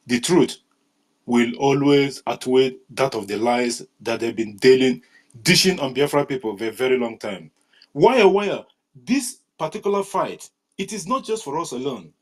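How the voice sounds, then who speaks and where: A man's voice: medium pitch, lively intonation, normal speed, poor audio. Earnest man calling in to a show. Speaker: caller. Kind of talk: live call-in remarks.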